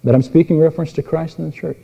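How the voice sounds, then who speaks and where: A man preaching an expository sermon, telling stories with voiced characters and moving between emphatic and quiet delivery. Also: a little high, fast, gravelly, muffled recording. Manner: animated storytelling with voiced characters. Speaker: pastor. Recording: long reverb in a large hall.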